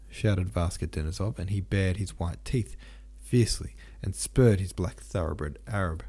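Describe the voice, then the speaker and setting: Low, mellow narrator. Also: male voice, moderate pace. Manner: casual, slangy retelling. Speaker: audiobook narrator. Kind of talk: audiobook narration.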